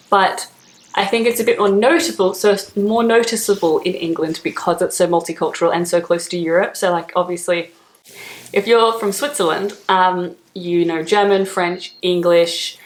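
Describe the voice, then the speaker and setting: A young Australian woman chatting casually to camera as a vlogger, laughing often and filling pauses with "like". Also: fairly low pitch, roomy sound.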